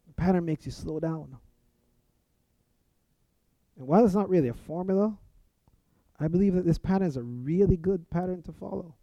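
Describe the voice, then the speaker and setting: A man's voice: high-pitched, moderate pace, pauses often, no room sound. A man teaching a sermon-style lesson on prayer, earnest, acting out sample prayers as he goes. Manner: earnest, speaks example prayers aloud. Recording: dull, lo-fi sound.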